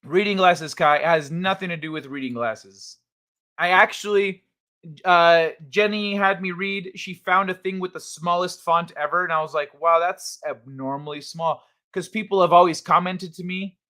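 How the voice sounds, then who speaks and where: Hosting a casual livestream from his home desk mic, a man reads the chat aloud, tosses out crude jokes and rambles with restarts. His high voice stays fairly even in intonation, sharp in tone, at a moderate pace.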